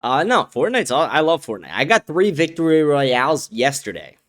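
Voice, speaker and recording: A man's voice: fairly high pitch, very animated, normal speed, a bit bright. A man hosting a live stream, talking in a blunt, profane, combative way as he reacts to viewer messages. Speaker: host. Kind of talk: casual live-stream commentary.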